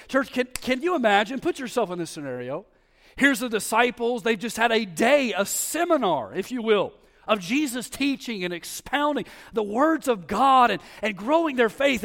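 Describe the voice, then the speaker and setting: A male pastor preaching with a high, ringing voice, dropping to hushed asides and then climbing to loud, emphatic exclamations. His voice trails off into the long reverb of a church sanctuary. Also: expressive, fairly quick. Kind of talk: sermon.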